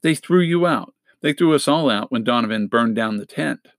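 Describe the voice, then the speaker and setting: A man's voice: mid-range voice, animated, moderate pace, fairly bright tone, no room sound, clean studio sound. A man doing a drawling, cocky teenage troublemaker. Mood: sneering. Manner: drawling, sarcastic.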